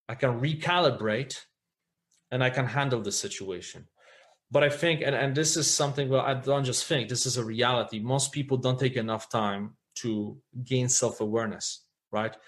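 A man speaking as a podcast guest, earnest and reflective, often checking in with "right?" as he talks. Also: mid-range voice. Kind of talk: candid podcast conversation.

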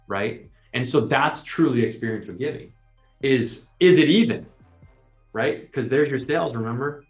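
A man co-hosting a podcast, explaining his point in a lively, persuasive way and often adding "right?". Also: mid-range voice. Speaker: podcast co-host. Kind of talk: casual conversational explaining. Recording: roomy sound with faint music.

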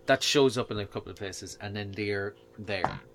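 A man co-hosting a podcast, retelling a book in a rambling, hesitant way that trails off softly. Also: lowish voice, moderate pace. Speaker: podcast co-host. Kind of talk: casual chat, retelling a book.

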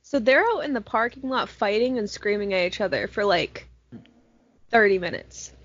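A young woman chatting casually with friends and telling an animated story, swearing freely. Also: medium pitch, normal speed. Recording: muffled lo-fi sound, dry.

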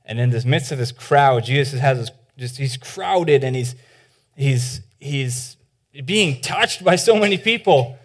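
A man preaching a sermon at a middle pitch, in a loose and conversational way. He restarts his sentences and fills them with "like". He tells the stories with energy and acts out the voices of the people in them. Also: measured pace. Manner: animated retelling, acting out the voices in the stories; informal, with many "like"s and restarts. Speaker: pastor.

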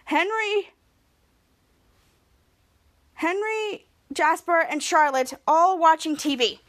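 A woman's voice: high voice, a bit bright. A woman hosting a podcast, recapping a TV episode in a rambling way, stringing scenes together with "and then" and "like" and often restarting her sentences. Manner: frequent restarts and self-corrections. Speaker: podcast host.

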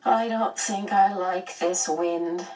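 A woman's voice: fairly high pitch, moderate pace, far from the mic, pitched above the performer's own voice, natural voice, rough recording. A woman voicing a jumpy, anxious teenage girl who talks nervously and wails. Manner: nervous, wailing.

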